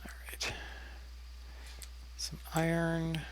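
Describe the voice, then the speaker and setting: A man's voice: a little high, monotone, drawn-out words, a little hiss or hum, rough recording. Man chatting casually over a game. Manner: drops to a near whisper while focused on the game. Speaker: let's play host. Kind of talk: casual gameplay chat.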